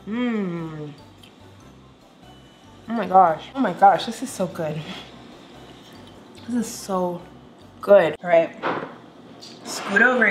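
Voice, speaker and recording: A young woman hosting a casual cooking vlog, chatting warmly as she cooks and tastes food with bubbly enthusiasm. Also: fairly low pitch. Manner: bubbly, enthusiastic, tasting aloud. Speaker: cooking vlogger.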